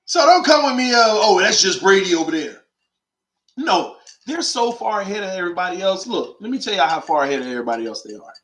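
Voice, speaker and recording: A man's voice: high voice, very animated, fast talker, few pauses, reverberant. A man hosting a call-in sports show, delivering an emphatic, slangy monologue full of rhetorical questions. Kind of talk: animated opinionated monologue.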